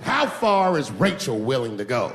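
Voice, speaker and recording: A man in his forties performs stand-up live from a large theater stage into a handheld mic, his voice gravelly and full of swooping pitch. He drawls through his stories in low mutters, then leaps into high, incredulous yelps. A long hall reverb and faint crowd ambience hang behind him. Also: expressive, moderate pace, slight background noise. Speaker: stand-up comedian. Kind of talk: stand-up comedy routine.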